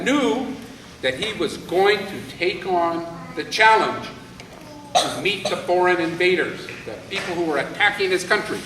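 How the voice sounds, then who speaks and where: A man telling a folktale aloud in an animated way, with dramatic pauses. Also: sits high, a little hiss or hum. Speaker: storyteller. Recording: echoey hall, voice from far off, faint ambience.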